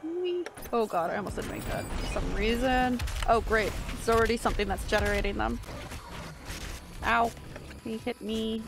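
A woman streamer giving live gameplay commentary, excitable, yelping and talking to herself as she plays. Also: fairly high pitch, moderate pace, gravelly. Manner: excitable, yelps and talks to herself while playing. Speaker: game streamer. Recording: steady background noise.

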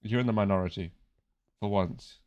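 A man's voice: fairly low pitch, normal speed, darkish tone, no room sound, dull audio. A young British man chatting casually while playing a game, teasing and swearing freely. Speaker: streamer. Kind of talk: casual gaming chat.

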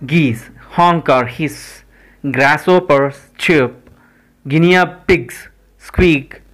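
A man hosting his own channel, reading a list of animals and their sounds one by one, slowly and deliberately. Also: a little high, fairly bright tone, low-quality recording. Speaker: channel host. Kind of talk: educational word list reading.

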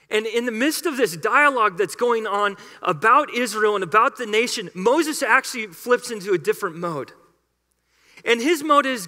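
A man's voice: high-pitched, expressive, moderate pace, pushed and bright. A man preaching a sermon as a pastor in a church, telling the story in an emphatic, conversational way. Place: church sanctuary. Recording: reverberant church hall.

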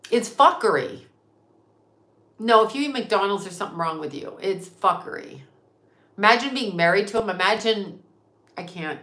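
A woman's voice: mid-range voice, pushed and bright. A woman hosting a casual talk stream, ranting emphatically with profanity and rhetorical questions. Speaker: psychic medium and channel host. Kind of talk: casual livestream rant. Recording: roomy echo.

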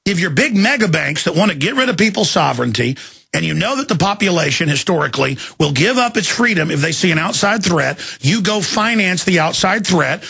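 A man in his thirties hosting a radio show, delivering an angry, shouting monologue in rapid tirades. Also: sits high, expressive. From Texas. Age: 30s. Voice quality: gravelly, raspy. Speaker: radio host. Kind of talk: ranting talk radio monologue.

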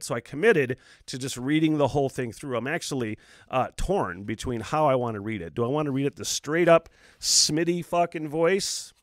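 Swearing, rambling podcast host with a lively pitch. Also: male voice, no echo, clean studio sound. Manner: loose and rambling, swears freely, chuckles between thoughts. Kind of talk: casual solo podcast chat.

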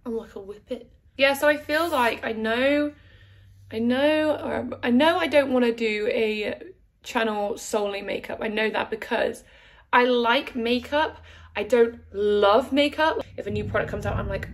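A woman's voice: fairly high pitch, vocal fry, a little hiss or hum. A young woman chatting through a makeup tutorial at home, swearing a lot and joking as she goes, recorded on her phone. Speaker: beauty vlogger. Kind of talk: casual makeup tutorial chat. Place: at home, sitting by a window. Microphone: phone camera with a mirror behind it.

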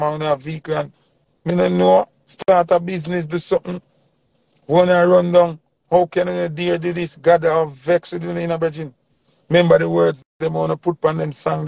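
A man's voice: fairly high pitch, creaky, a little mellow, no echo, lo-fi sound. A man with a Jamaican accent giving an impassioned opinion rant in heavy patois, preaching and repeating his points for emphasis. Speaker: commentator.

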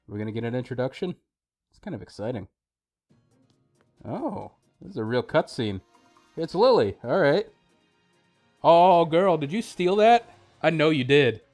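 A man hosting a let's play, giving casual gameplay commentary, excitable and joking as he talks back to the screen. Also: mid-range voice.

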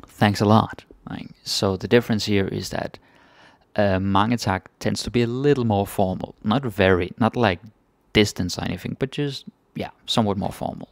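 A young man with a Danish accent, teaching a casual language lesson and repeating each word slowly for learners. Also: on the low side, creaky, no room sound.

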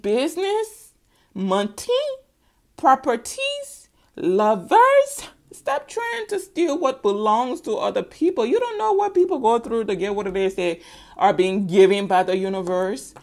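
A woman's voice: a little high, very animated, measured pace, darkish tone. Woman tarot reader, middle-aged, casual sassy delivery with teasing asides and emphatic repetition.

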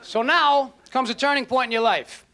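A man doing a stand-up comedy routine on stage, incredulous and mocking, acting out voices, with loud audience laughter behind him. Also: very high-pitched, moderate pace. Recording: live show with loud crowd and noise.

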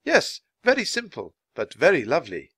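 A man voicing a measured samurai man. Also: a little high, huge pitch swings, fairly bright tone, husky, no room sound, clean studio sound, pitched above the performer's own voice, exaggerated voice. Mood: approving. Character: stern samurai man, softening into approval.

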